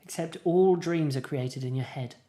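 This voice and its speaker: A man's voice: on the high side, moderate pace, warm tone. A man co-hosting a podcast in casual chat, rambling with lots of fillers and restarts. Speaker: podcast co-host.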